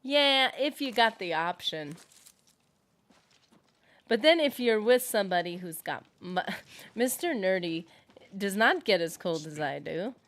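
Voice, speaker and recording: A woman's voice: mid-range voice, animated, unhurried, pauses often, fairly bright tone, no echo. Chatty rambling woman streamer. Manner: rambling, chatty, many fillers, reads out chat comments. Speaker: streamer playing a game. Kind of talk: casual livestream chat.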